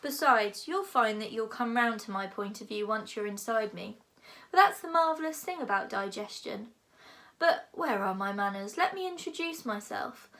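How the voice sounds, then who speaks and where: A woman's voice: fairly high pitch, expressive, normal speed, fairly bright tone. Lady doing a big cheery dragon, pompous and polite but out to eat you, audiobook style. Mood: genial. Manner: genial, pompous, leisurely. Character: huge cheerful male dragon, philosophical and menacing.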